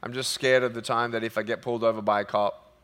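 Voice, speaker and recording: A man speaking from a stage in a large hall, telling funny stories in an animated sermon. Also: medium pitch, quick pace, slight background noise. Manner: animated, jokey, acts out quotes. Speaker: motivational speaker. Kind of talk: humorous sermon storytelling. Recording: long hall reverb.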